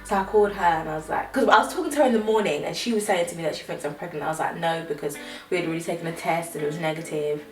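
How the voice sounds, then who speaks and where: A woman with a lowish voice tells a story in a chatty way, slipping into the voices of the people she quotes. She sounds distant from the mic in an echoey room, with music playing behind her. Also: racing, few pauses. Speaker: vlog co-host. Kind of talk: casual storytelling.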